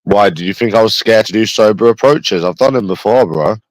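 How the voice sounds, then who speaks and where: A young man with a London accent talks casually to his livestream viewers. He is blunt and swears a lot, calling everyone bro. His voice sits low, and it is recorded dry and close. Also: a little fast, no room sound, poor audio. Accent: London English. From England.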